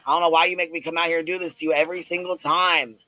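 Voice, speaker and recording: Male host, somewhat high voice, dry close sound; blunt, swearing, confrontational live-stream rant. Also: little pitch movement, rapid-fire, bright, forceful tone, no room sound, poor audio. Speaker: host of a live audio panel.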